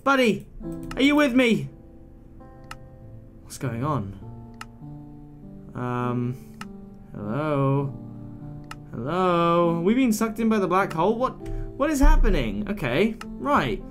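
Animated young guy narrating a game. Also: normal speed. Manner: chatty and playfully dramatic, swooping in pitch. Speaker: gaming channel host. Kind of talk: relaxed let's-play commentary. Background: faint game music.

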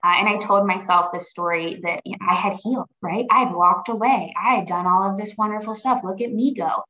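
As a guest in a conversational podcast interview, a woman speaks earnestly and reflectively, often restarting her sentences. Her mid-range voice is brisk, pushed and bright, and the sound is roomy, dull and lo-fi.

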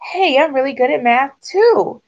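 Woman putting on a high boastful young girl duck, excitable, lively swings, slightly muffled sound. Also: takes it slowly. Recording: dull lo-fi recording.

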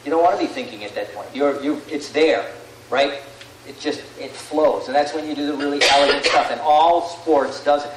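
Animated, rambling male seminar speaker, fairly high voice, roomy hall sound. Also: moderate pace, noisy background. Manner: animated, rambling, asks "right?" often. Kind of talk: live seminar talk to an audience. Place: large room with an audience. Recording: echoey room, far from the mic.

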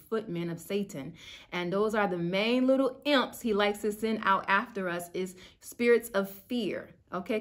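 A woman's voice: medium pitch, fairly bright tone. A woman in the middle of her range gives an informal faith lesson straight to her viewers. She talks in an earnest, chatty way with casual slang, and her voice climbs when she gets worked up. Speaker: spiritual YouTuber. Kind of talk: casual faith teaching to camera.

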